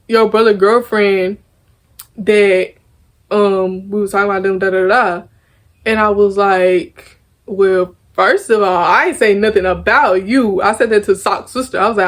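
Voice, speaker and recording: A young woman, chatting casually as she tells a storytime vlog, animated and laughing often. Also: medium pitch. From Arkansas, US. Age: young adult. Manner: animated, laughs often, acts out quoted lines. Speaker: vlogger.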